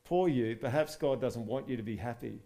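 Man reading aloud as a sly storybook serpent, hushed and coaxing, dropped low and quiet. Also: moderate pace, creaky, lightly acted. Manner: soft coaxing whisper. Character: sly whispering male serpent tempter.

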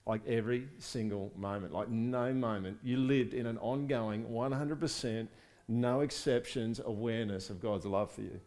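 Man preaching a lively sermon. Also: mid-range voice, normal speed. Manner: lively, asks the congregation questions. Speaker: pastor. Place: church service.

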